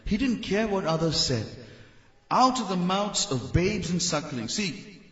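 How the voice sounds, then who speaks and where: A man preaching a sermon in a lively, animated way, mimicking people and rousing the congregation. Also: high voice, a little slow. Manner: animated, mimics people, leads the crowd in shouts. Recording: echoey hall, dull lo-fi sound.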